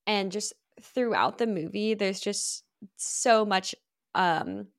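Woman podcast host, fry-ish voice, keeps the chat moving. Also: medium pitch, slow. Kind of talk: casual chat.

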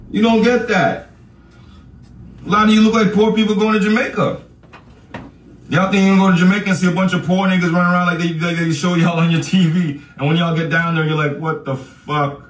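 A man hosting a podcast, ranting casually and profanely straight at his listeners, laughing often as he talks. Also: fairly high pitch. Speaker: podcast host. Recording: echoey room, far from the mic.

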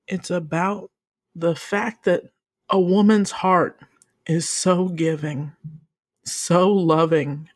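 A young woman co-hosts a casual podcast, talking emphatically and swearing freely. Her voice keeps leaping up into high, excited bursts as she gets carried away. She is recorded dry and close, with no room sound. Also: dry recording. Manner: emphatic, profane, swings into high excited exclamations. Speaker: podcast co-host. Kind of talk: casual chat.

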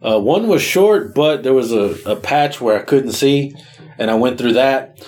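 Man co-hosting a podcast, lively storyteller who acts out his reactions and curses often. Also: mid-range voice, measured pace. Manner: animated storyteller, acts out his own reactions, swears a lot. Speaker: podcast co-host. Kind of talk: casual storytelling chat.

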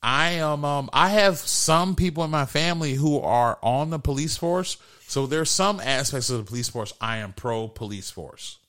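Animated, rambling male podcast host. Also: on the high side, moderate pace, few pauses, smooth. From Detroit, USA. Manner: loose, animated storytelling with lots of fillers. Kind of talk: casual comedy podcast chat.

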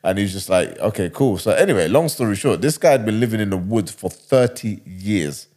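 A man's voice: lowish voice, animated, brisk, darkish tone. A man casually retelling a wild story, rambling and slangy.

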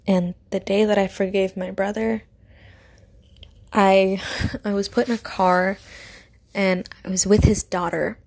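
A woman's voice: medium pitch, fairly even intonation, measured pace, gravelly, pauses often. Young woman telling a heartfelt story. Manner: heartfelt and emotional, often dropping to a soft whisper. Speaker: vlogger. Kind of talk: personal faith-based storytelling.

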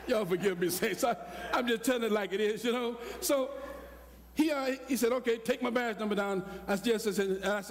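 An older man preaching a sermon, telling a story with acted-out dialogue and rising to shouts. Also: high-pitched, fairly quick. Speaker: pastor. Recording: long hall reverb.

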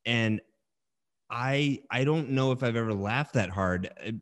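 A man's voice: mid-range voice, a little slow. Enthusiastic man in casual chat.

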